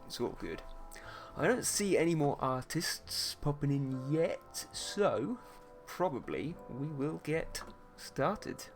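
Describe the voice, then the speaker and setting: A man's voice: on the high side, sing-song, takes it slowly, soft background music. Playful posh British man streaming. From England. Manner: playful, teasing, chatty with viewers. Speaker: art streamer host. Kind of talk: casual livestream chat.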